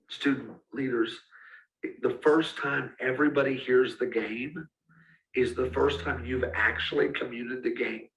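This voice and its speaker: A man's voice: mid-range voice, gravelly, highs cut off. A man giving a casual, direct teaching talk to student ministry leaders. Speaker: youth ministry coach. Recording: roomy, speaker far from mic.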